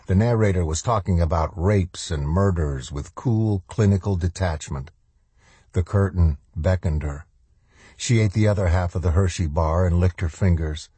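A man narrating a horror audiobook in a measured, grave reading style. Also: sits low, dark tone, slightly rough, dry recording.

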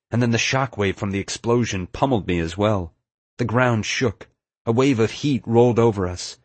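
Low husky guy narrating an audiobook, steady pace, very dry close sound. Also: no room sound. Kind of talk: scripted first-person narration.

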